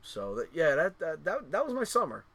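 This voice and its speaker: A man's voice: on the high side, wildly swooping pitch, moderate pace, vocal fry, fairly bright tone. Middle-aged man telling profane stories. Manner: rambling, profane storytelling with lots of fillers. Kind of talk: casual chat.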